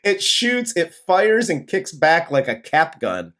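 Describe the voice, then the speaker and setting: A man's voice: on the high side, big pitch swings, takes it slowly, fairly bright tone. A man co-hosting a casual movie review show. He talks in a laid-back, profane way and laughs often. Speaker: podcast co-host, movie reviewer. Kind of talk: casual chat.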